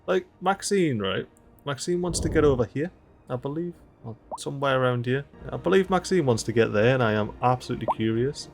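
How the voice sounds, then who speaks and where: A man's voice: medium pitch, lively intonation, fairly quick, vocal fry, slight background noise. A man casually commenting on a city-building game, joking and chatting to the little citizens, with faint game sounds behind. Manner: chatty, jokey, talks to game characters. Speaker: gameplay streamer. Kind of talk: casual let's-play commentary.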